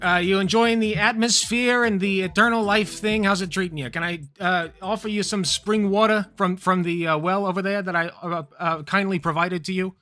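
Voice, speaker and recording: A man's voice: high voice, steady tone, moderate pace, few pauses, faint music behind, voice pushed up. A man voicing God as a pushy, crude, overeager male deity in a livestream stand-up bit. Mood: chummy. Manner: loud, hyped salesman patter with swearing.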